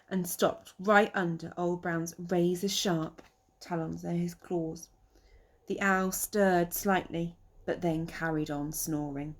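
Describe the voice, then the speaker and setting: A woman teacher with an English accent reading a picture book aloud to young children, pausing to explain words. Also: fairly low pitch. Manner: slow, expressive, pauses to explain words.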